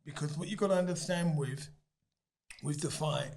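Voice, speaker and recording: Brief: man in his fifties, a high, lively storyteller who laughs often. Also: normal speed, vocal fry. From Britain. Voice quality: laughs often mid-story, loud emphatic bursts. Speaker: guest. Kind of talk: animated storytelling.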